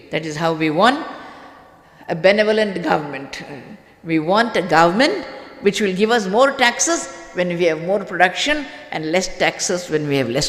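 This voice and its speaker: A speaker giving a devotional sermon to a live audience, hammering home repeated refrains with big swings in pitch. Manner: emphatic, repetitive refrains with wide pitch swings. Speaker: spiritual discourse speaker. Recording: echoey hall with long reverb and faint music.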